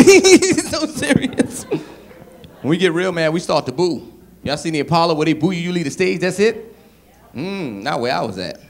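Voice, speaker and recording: A man from Brooklyn doing a stand-up comedy set in a club, telling stories and acting out bits with shouts. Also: fairly high pitch, moderate pace, creaky, pauses often. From Brooklyn, New York. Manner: animated storytelling, shouts and acts out bits.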